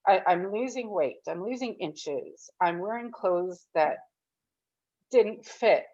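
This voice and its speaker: A woman in her thirties or forties tells her story on a group call in a rambling, upbeat way. Her voice sits at a middle pitch. The call audio is dull and lo-fi. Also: expressive, slow, a little mellow. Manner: rambling, upbeat, tearful at times. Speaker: program participant giving a testimonial. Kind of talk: emotional testimonial on a group call.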